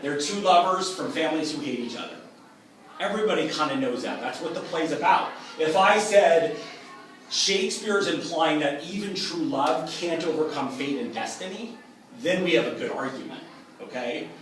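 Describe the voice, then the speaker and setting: Upbeat, emphatic male teacher, slightly high voice, miked from afar in a very echoey room. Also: moderate pace, a bit bright, slight background noise. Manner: upbeat, emphatic, contrasts weak and strong examples. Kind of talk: explanatory lecture. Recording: echoey room from a distance with faint ambience.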